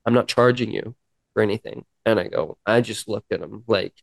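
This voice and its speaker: A man guest on a podcast, earnestly telling a personal story and acting out dialogue, with halting restarts. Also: fairly low pitch, gravelly, no room sound. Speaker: podcast guest, musician in recovery. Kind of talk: personal storytelling in a sit-down interview.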